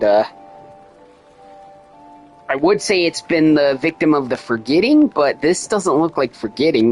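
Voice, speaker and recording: Man, gaming livestream, sarcastic, swears a lot, reads in-game lines aloud flatly. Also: mid-range voice, poor audio. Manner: profane, sarcastic, reads game dialogue aloud in his own voice. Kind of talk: casual gameplay commentary.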